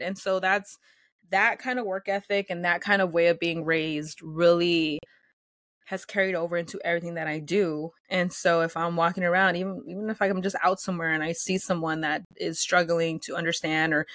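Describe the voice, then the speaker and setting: A woman talking as a guest in a casual interview, animated and chatty, full of fillers and acting out what others say. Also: lowish voice, a little fast, no echo. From United States, first-generation Salvadorian. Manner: animated, chatty, many fillers, acts out quotes.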